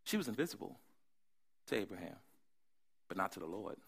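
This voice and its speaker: A man preaching a sermon, animated, swinging from hushed asides to loud emphasis. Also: low-pitched, a little fast, gravelly, slightly rough. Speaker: pastor.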